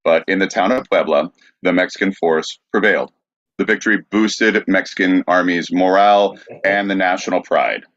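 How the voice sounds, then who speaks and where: A man co-hosting a podcast, explaining history in a measured, casual way. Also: low-pitched, a bit bright, no echo. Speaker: podcast co-host. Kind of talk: casual chat, reading history. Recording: dull dry sound.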